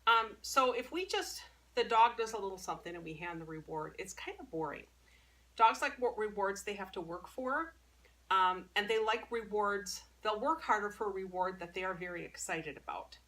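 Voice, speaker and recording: A woman's voice: mid-range voice, expressive, moderate pace, sharp tone. A woman dog trainer talking casually while she works with her dog, explaining as she goes. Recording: distant mic, faint background noise.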